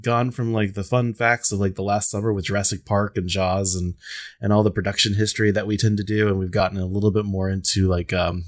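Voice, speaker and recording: Low-voiced man with dry asides. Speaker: podcast co-host. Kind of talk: casual chat.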